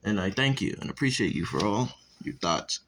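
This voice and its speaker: A man's voice: fairly low pitch, animated, moderate pace, fairly bright tone, a little hiss or hum, low-quality recording. A young man casually improvising a fan story, rambling, cursing and breaking off to talk to his viewers. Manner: rambling and profane, with asides to viewers.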